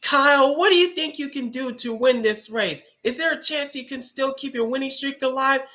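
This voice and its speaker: A man putting on a high, eager voice for a male interviewer asking a driver questions. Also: normal speed, sharp tone. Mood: prodding.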